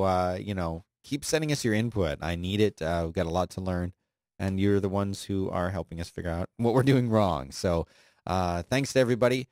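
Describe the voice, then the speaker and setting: A man's voice: deep voice, a little mellow, dry recording. A man hosting a podcast from an office studio, chatting casually with plenty of fillers and restarts. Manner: rambling, many fillers and restarts. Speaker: podcast host. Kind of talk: casual chat. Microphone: studio broadcast microphone.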